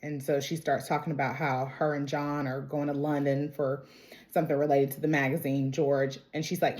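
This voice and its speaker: Low-voiced chatty woman recapping a show. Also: level tone, normal speed, darkish tone. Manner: chatty, full of "like" and "you know", retells scenes by quoting. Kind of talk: casual episode recap.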